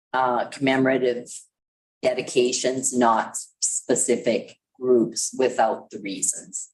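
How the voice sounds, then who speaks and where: A woman's voice: rumbling low, a little mellow, rough recording. A woman councillor in a council chamber, methodically going through a policy clause by clause while losing her voice. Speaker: city councillor. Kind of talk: council debate, reading out policy.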